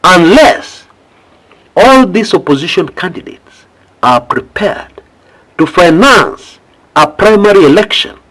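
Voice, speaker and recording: A Kenyan man delivering fervent political commentary, his husky voice swinging widely up and down as he pleads and presses his point. He leans on rhetorical questions and emphatic appeals to his listeners. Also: high voice, animated, measured pace, fairly bright tone. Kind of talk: impassioned political commentary to camera.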